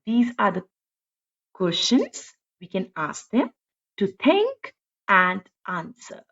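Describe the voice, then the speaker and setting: A woman teacher reads a picture book aloud in an expressive, sing-song way and asks her listeners many questions. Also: medium pitch, slow pace, long pauses. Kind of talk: storybook read-aloud lesson. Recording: dull lo-fi recording.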